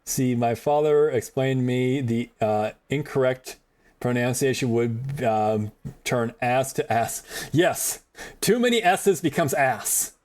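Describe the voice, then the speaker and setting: A man's voice: medium pitch, slow, a little mellow. A man streaming a video game, talking in casual commentary; he jokes, swears and rambles, laughing often. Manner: joking, profane, rambling with frequent laughs.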